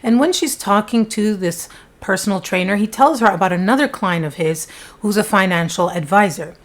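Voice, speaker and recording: A woman's voice: medium pitch, moderate pace. A woman casually telling a true-crime story to camera in a chatty, conversational way, with frequent asides.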